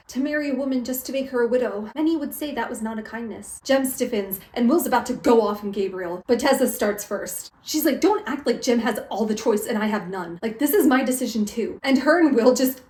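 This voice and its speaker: A young woman with a slightly high voice, recapping a book in a loose, chatty way. She keeps slipping into quick quoted lines from the characters. The sound bounces a bit off the walls of an echoey room. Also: lively intonation, a little mellow. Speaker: book vlogger.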